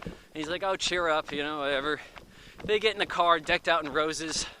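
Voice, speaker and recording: A man giving a casual, rambling movie review, full of fillers and quick acted-out asides, recorded outdoors near traffic. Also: on the high side, sharp tone, low-quality recording.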